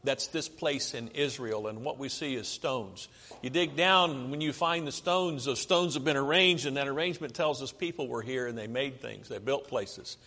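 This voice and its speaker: A sharp-toned male voice in the mid range, moderate in pace, belongs to an American man giving a sermon. He talks through his slides conversationally and asks the audience questions, heard in a long reverberant hall.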